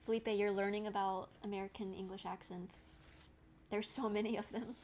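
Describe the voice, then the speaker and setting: A woman's voice: medium pitch, little pitch movement, normal speed, darkish tone, slight background noise. A young adult woman streaming, chatting casually with her viewers while she crafts, reacting to their comments and laughing often. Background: background music.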